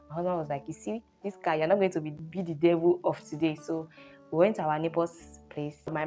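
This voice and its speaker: A young woman with a Nigerian accent, telling a personal story in a lively vlog style full of exclamations. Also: lowish voice. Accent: Nigerian English. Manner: animated storyteller, exclamations like oh and hey. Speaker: vlogger. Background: faint guitar music.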